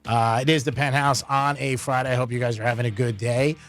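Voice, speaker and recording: A man's voice: mid-range voice, steady tone, fairly bright tone, faint music behind. A man hosting a casual sports radio show, easygoing and joking as he runs through the news. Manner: easygoing, joking, quick to laugh. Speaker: radio host.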